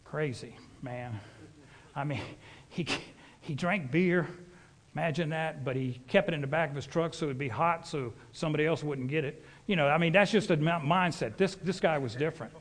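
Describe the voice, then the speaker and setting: A man's voice: fairly high pitch, moderate pace. A middle-aged man, preaching a sermon as a folksy, rambling storyteller.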